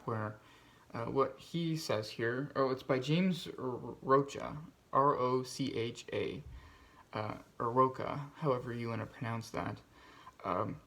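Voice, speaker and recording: A man hosts a casual book video, chatting through his reading list. His voice sits in a middle pitch range. He rambles and restarts often, filling gaps with ums and uhs. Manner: rambling, many fillers and restarts. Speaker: BookTube host.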